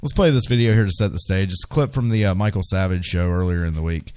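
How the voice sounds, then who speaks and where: A man's voice: low voice, fast, a little mellow, clear, resonant tone. A man hosting a political talk radio show, ranting with indignation and firing off rhetorical questions.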